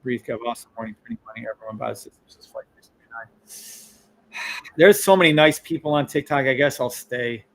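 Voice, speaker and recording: A middle-aged man streaming live trades, hyped up, yelling and swearing, repeating hype phrases over and over. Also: medium pitch, fairly quick, low-quality recording. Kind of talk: live-stream trading commentary.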